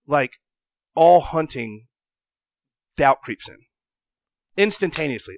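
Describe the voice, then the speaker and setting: A young Southern man spins an excitable story in casual chat. He breaks off mid-sentence and acts out his own thoughts. His mid-pitched voice is recorded close and dry. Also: moderate pace, pauses often, no echo. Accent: Southern American. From American South.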